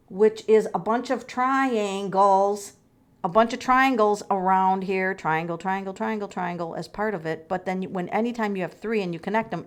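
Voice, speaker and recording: A middle-aged woman doing a tarot reading on camera, thinking aloud with exclamations and many fillers. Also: mid-range voice. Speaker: tarot reader. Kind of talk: casual tarot reading vlog.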